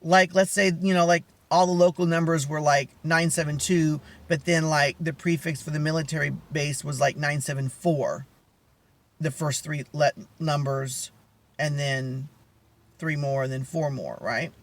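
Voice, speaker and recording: A man with a soft, feminine-sounding voice telling a rambling story in a casual vlog chat. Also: a little high, measured pace. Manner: rambling, animated storytelling with many asides. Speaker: vlogger.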